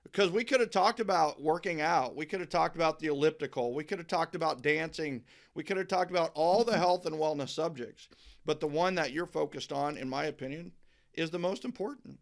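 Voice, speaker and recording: A man's voice: on the high side, brisk, vocal fry. Emphatic man hosting a podcast. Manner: emphatic, repeats words when starting sentences. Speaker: podcast host. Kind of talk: enthusiastic interview chat.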